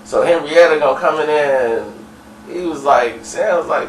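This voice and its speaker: A man's voice: on the high side, normal speed, a little hiss or hum. A man telling a story in a casual, rambling way with many fillers and chuckles. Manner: rambling, laughing, full of fillers. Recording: echoey room, far from mic, faint ambience.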